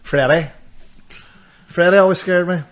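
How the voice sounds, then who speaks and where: A man chatting casually as a podcast co-host, easygoing and quick to laugh. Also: sits high, steady tone. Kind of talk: casual chat.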